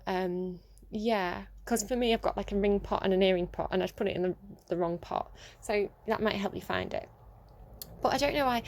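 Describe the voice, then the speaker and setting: A young woman talks through a casual tarot vlog. She rambles from one thought to the next, giggling often and filling pauses with ums and likes. Her voice sits at an ordinary middle pitch for a woman. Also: darkish tone. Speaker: tarot reader.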